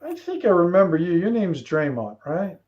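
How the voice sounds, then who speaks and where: A man narrating as game master of a tabletop game in a relaxed, rambling way. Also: sits high, normal speed, lo-fi sound.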